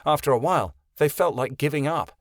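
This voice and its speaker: A man narrating a fantasy audiobook in a steady storytelling voice. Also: a little high, fairly quick, dry recording, studio quality. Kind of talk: scripted narration.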